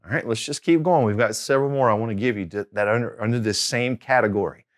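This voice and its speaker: Man, casual language tutor, medium pitch, slows down to repeat words. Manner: chatty, repeats each Spanish word slowly. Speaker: Spanish tutor. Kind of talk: casual video lesson.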